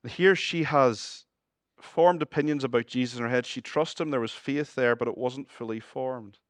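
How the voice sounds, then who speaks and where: A Northern Irish man delivers a sermon in a mid-pitched voice, his words caught close and dry with no room around them. He swings from brisk, jokey asides to soft, earnest appeals. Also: no echo. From Northern Ireland. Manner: shifts between lively humorous asides and hushed earnest appeals. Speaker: pastor.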